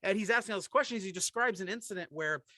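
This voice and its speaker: A middle-aged man co-hosting a podcast, telling a comedic story with animated delivery and laughing through his own jokes. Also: high-pitched, fast talker, no echo. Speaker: podcast co-host.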